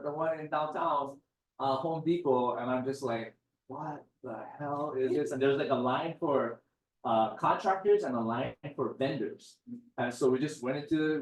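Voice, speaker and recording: A middle-aged man from Hawaii, guest speaker telling a relaxed story with lively quoted dialogue. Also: fairly high pitch, recorded from a distance. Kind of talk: casual storytelling talk. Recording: roomy sound, speaker off-mic.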